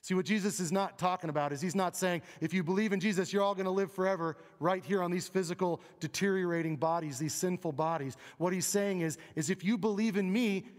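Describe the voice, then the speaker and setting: Male pastor, slightly high voice, conversational emphatic sermon in a reverberant church hall. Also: fairly quick, hardly any pauses. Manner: conversational, emphatic, asks the crowd questions. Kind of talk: Easter sermon. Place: church sanctuary. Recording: long reverb of a large hall.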